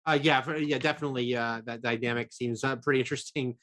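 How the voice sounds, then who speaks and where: A man co-hosting a casual TV review chat, rambling with many fillers and quick laughs. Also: medium pitch, steady tone, fairly bright tone. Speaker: film and TV critic co-host.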